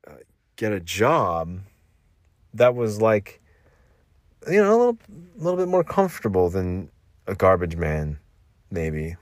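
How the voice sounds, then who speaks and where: A man's voice: low voice, wildly swooping pitch, a little slow, pauses often, no echo, studio quality. A man hosting his own podcast in a loose, rambling monologue from a makeshift home vocal booth. He sounds tired after a long work shift, loses his train of thought and keeps repeating himself. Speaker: podcast host.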